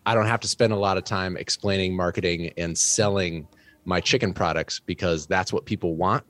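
A man's voice: low voice, steady tone, moderate pace, a bit bright. A man, a farmer, making a confident, persuasive case in a friendly debate. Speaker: farmer arguing for chickens. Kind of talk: debate argument.

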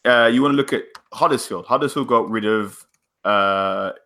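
A man co-hosting a casual football podcast, animated and quick to argue, laughing often. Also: mid-range voice. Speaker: podcast co-host. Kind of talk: casual chat.

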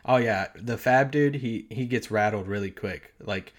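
A man's voice: fairly low pitch, measured pace. A man co-hosting a sports podcast, talking loosely with lots of "like" and easy laughs. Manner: relaxed, many "like" fillers, easy laughs. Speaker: podcast co-host. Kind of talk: casual sports podcast chat.

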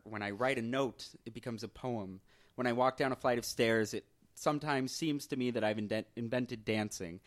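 A man's voice: medium pitch, natural voice. A man voicing a grandiose, theatrical young artist who is founding a bar in an audio drama.

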